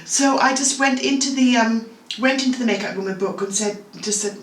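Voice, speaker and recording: A woman in her sixties, a make-up artist, chatting and telling animated stories full of asides as a guest. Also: a little high, brisk. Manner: animated anecdotal storytelling, full of asides like "you know" and "okay?". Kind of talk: casual chat. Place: home bathroom. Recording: roomy, distant-sounding, faint room noise.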